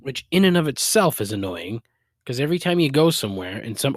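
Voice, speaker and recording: A man's voice: medium pitch, big pitch swings, fairly quick, no room sound, clean studio sound. A man with a Boston accent hosting a solo podcast, griping in a profane, exasperated way with sarcastic asides. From Boston area, USA. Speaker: podcast host.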